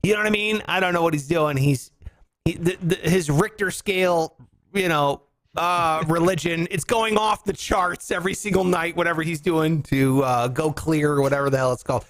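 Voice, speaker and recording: A man's voice: on the high side, normal speed, a bit bright, no echo. A man hosting a radio show, chatting in a casual, profane, laughing way. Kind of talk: casual chat.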